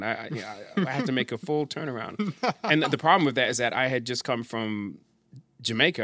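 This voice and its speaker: A man's voice: medium pitch, fairly bright tone, no echo. A middle-aged man, a judge born in England, telling rambling stories in casual talk with many restarts and fillers. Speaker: judge, podcast guest. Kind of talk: casual conversational storytelling.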